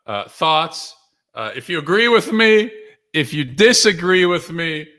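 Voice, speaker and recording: A man's voice: fairly high pitch, a little slow. Upbeat man hosting a live stream. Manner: energetic and upbeat, many fillers and restarts; reads out viewer comments and greets them by name. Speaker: author and livestream host. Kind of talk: live-stream talk to viewers. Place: home or office with books behind him.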